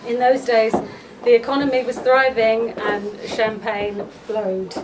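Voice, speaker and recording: A woman, a friend of the family, gives a heartfelt eulogy for a close friend at a memorial gathering, fond and chuckling between lines. Her voice is fairly high, a little slow, with a flat delivery. A distant mic in the gathering room picks up background noise.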